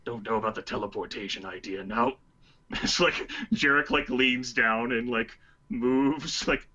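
A man takes part in a tabletop game, describing his character in halting bursts full of fillers. His voice is bright and forward, and it comes through a dull, lo-fi line. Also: medium pitch. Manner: hesitant, filler-heavy describing. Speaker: player. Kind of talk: casual tabletop play.

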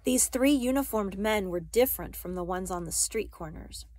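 A woman reads a novel aloud at a measured pace, careful over each sentence and correcting the odd slip. Her voice sits at an ordinary middle pitch. The recording is dry and close. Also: a little mellow, dry recording. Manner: careful, with small slips and self-corrections. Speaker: reader.

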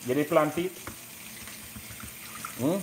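A man's voice: on the high side, takes it slowly, slight background noise. A man with a Jamaican accent hosting a live cooking show from his home kitchen, chatting and joking as he cooks. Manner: joking, chatty, mixes in patois. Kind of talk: casual live cooking chat.

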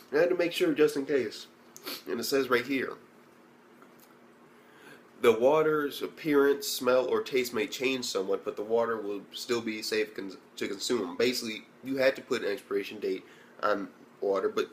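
A man's voice: medium pitch, slight background noise. A man giving a casual, profanity-heavy anime review, ranting and full of exasperated rhetorical questions.

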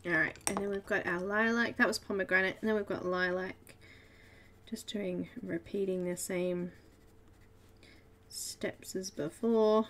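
A woman's voice: mid-range voice, fairly even intonation, unhurried, pauses often, fairly bright tone, a little hiss or hum. An Australian woman hosting a live colouring stream, chatting casually and laughing often. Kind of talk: casual chat while colouring.

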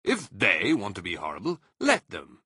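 A man voicing Mister Fox, a bold and cunning father fox who talks in a lively, theatrical way. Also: lowish voice, moderate pace, breathy edge, dry recording, studio quality, heavily acted. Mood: confident.

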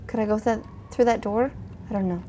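A woman playing a spooky video game, chatting to her viewers in a jumpy, excitable way. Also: mid-range voice, brisk, a little hiss or hum. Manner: jumpy, chatty, talks to viewers, frequent gasps and exclamations. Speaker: gaming video host. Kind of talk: let's play commentary.

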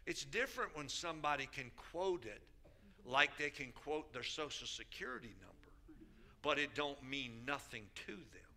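A man preaching as a bishop, his voice pitched a little high and piercingly bright. He drives his points home by repeating phrases and calling out to his listeners. The delivery is emphatic throughout. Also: lively intonation, moderate pace, slight background noise. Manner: emphatic, repeats key phrases, calls out to the congregation. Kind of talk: sermon.

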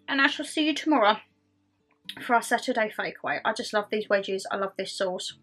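Bright-voiced chatty woman vlogger. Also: medium pitch, a little fast, soft background music. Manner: chatty, self-mocking, talks with her mouth full. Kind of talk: casual chat to camera while eating.

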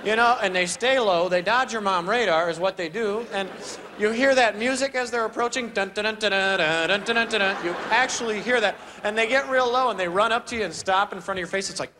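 High-voiced young comedian on stage. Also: male voice, brisk. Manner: animated, acts out characters with voices and sound effects. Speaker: stand-up comedian. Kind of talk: stand-up routine. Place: large theater stage. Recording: live theater recording with crowd noise. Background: audience laughter.

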